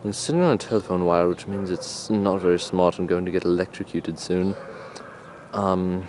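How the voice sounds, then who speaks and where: A man with a fairly low voice narrates a mock nature documentary while filming outdoors. He sounds mock-serious, crude and rambling. The camcorder audio carries clear outdoor background noise. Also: moderate pace, darkish tone. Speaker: narrator and camera operator. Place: outdoors in a neighborhood.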